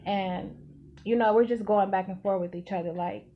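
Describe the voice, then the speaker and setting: Animated young woman telling a story. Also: medium pitch, brisk, muffled recording. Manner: animated, swearing, acts out quotes. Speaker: vlogger. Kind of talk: casual storytime.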